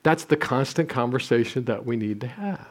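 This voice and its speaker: A man's voice: medium pitch, expressive, normal speed. A man in his sixties preaching a sermon, telling stories with self-deprecating humor and some restarts. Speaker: pastor.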